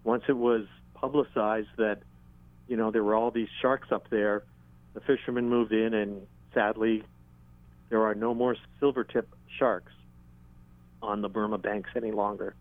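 A man being interviewed about documenting sharks, telling stories at an unhurried, halting pace with dry humor. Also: on the low side, little pitch movement, no echo. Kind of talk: conversational interview storytelling. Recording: tinny phone-line sound.

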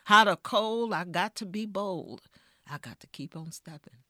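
A woman storyteller voicing a determined man who quietly chants a rhythmic rhyme to himself. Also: mid-range voice, a little slow, dry recording, studio quality.

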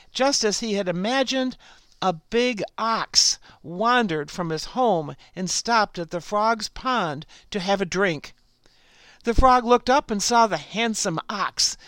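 A woman's voice: medium pitch, dry recording. A woman hosting a program, reading a fable aloud in scripted narration. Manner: slow, unhurried read-aloud delivery. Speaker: program host and storyteller.

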